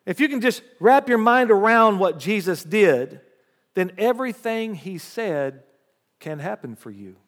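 A pastor preaches in a high-pitched voice at a measured pace, reading scripture aloud with rising emphasis and throwing in lively call-and-response asides to the congregation. The recording carries a long hall reverb.

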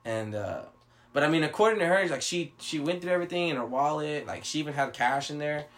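A man's voice: a little high, lively intonation, fast talker, a bit bright. A man telling a long story in casual chat, rambling and swearing, acting out what others said. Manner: rambling, profane, with many fillers and acted-out quotes.

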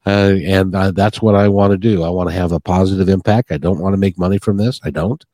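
Podcast host, male, rambling and sincere, slightly low, dry close recording. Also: fairly even intonation, fast talker, warm tone, dry recording. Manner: rambling, earnest, with many restarts. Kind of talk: heartfelt podcast interview chat.

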